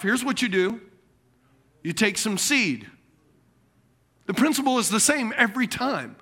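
A man preaching a sermon, animated, quoting imagined people and laughing at himself. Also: extremely high pitch, moderate pace. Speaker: pastor.

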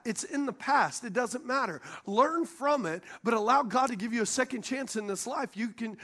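A man preaching in church, joking with the congregation and calling for responses. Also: fairly bright tone. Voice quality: high voice for a man. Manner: preaching with call-and-response and jokes. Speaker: pastor. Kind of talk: sermon. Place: church sanctuary.

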